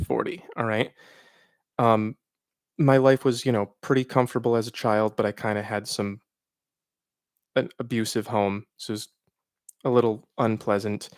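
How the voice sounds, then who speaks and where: A man with a lowish, smooth voice hosts a casual live stream, reading out viewer questions. He answers with frank, reflective advice, pausing and using fillers as he thinks. The sound is close and dry. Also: dry recording. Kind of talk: casual livestream Q&A.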